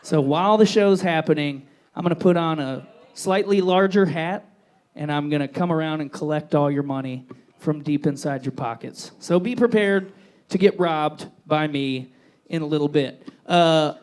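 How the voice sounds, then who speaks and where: A man's voice: fairly high pitch, moderate pace, darkish tone, smooth. A man hosting a live variety show on a bar stage, bantering with the audience in a loose, profane, self-deprecating way. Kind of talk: stand-up style hosting banter.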